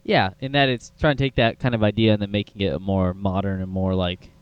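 A young man talks through a film review in a loose, rambling way, full of fillers and restarts. His voice is smooth and clear, recorded dry and a little dull. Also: fairly low pitch, little pitch movement, fast, no room sound. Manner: chatty, rambling, lots of fillers. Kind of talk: casual film review chat.

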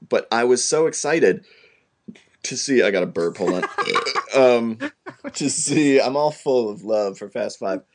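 A man co-hosting a podcast in casual chat, joking and rambling. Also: lowish voice. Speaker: podcast co-host.

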